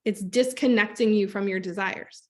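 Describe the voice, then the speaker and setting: A woman coaching a group on a call, telling a personal story in a lively, conversational way and speaking straight to her listeners. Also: medium pitch, moderate pace. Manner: animated storytelling, acts out quoted voices; conversational, direct address to listeners. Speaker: trauma-informed business coach.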